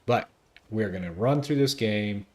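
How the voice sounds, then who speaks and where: Male streamer, casual gameplay commentary, low voice, chatty and joking. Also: unhurried. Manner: chatty, joking, thinks out loud.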